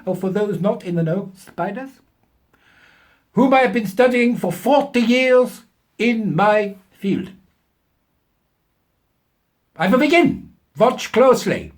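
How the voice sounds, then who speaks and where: A man voicing a pompous little male German professor who lectures on spiders, using a put-on German accent and a grandiose, booming delivery.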